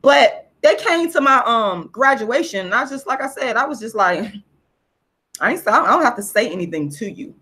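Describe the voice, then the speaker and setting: A woman's voice: fairly high pitch, expressive, moderate pace, pushed and bright. A woman, ranting on a casual livestream vlog, blunt and profane as she tells a story. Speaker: vlogger.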